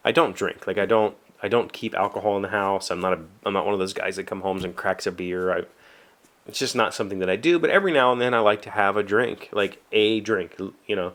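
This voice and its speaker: A man's voice: lowish voice, quick pace, a bit bright. A man with a West Virginian accent hosting a casual solo vlog from his home workshop, rambling and self-deprecating, with lots of fillers and restarts. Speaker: vlogger, show host.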